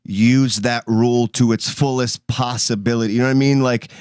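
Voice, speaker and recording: A man's voice: medium pitch, steady tone, normal speed, darkish tone, clean tone, no echo, studio quality. A man hosting a casual podcast, asking probing questions in a hesitant way full of "like" and "you know". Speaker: show host.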